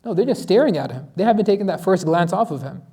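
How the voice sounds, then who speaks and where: A man leads a conversational Quran lesson, talking quickly in a fairly high, mellow voice. He moves through the story with rhetorical questions and briefly acts out what the people in it say. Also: animated. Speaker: imam teaching tafsir.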